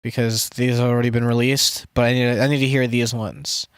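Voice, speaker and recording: A young male music producer chats casually with his stream while working, his mid-range voice level, a little quick, clear and resonant. He rambles, swears a lot, pokes fun at himself and keeps restarting sentences. The studio-quality recording has no echo.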